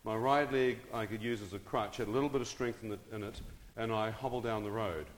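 A man's voice: fairly low pitch, steady tone, a little fast. A middle-aged man dramatically telling his own story to an audience, often turning to them with questions and asides. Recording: long reverb of a large hall.

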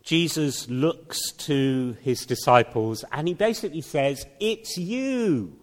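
A man delivers a Sunday sermon at a measured, unhurried pace, with the occasional wry aside. His voice sits at an ordinary middle pitch. It rings out with the long reverb of a church hall. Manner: slow, deliberate preaching with light humor. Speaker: pastor.

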